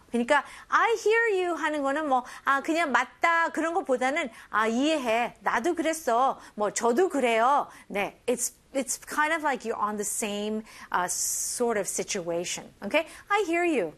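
A young woman teaching English phrases and switching between two languages, modeling each phrase slowly and clearly in a cheerful way. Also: high-pitched, fairly bright tone. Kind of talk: bilingual English lesson.

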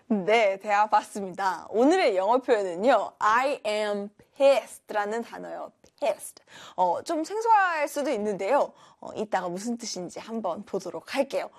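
A Korean native-speaker woman giving a bilingual English lesson and workout instructions, lively and acting out dialogue lines. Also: mid-range voice, soft background music. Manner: lively, switching quickly between explaining and acting out dialogue lines.

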